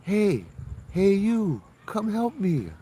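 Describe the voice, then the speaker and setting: Man doing a ghostly little girl's high plea. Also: sing-song, slow pace, dark tone, slight background noise, heavily acted. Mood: pleading. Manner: high repetitive calling, like a broken record. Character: ghostly little girl pleading for help.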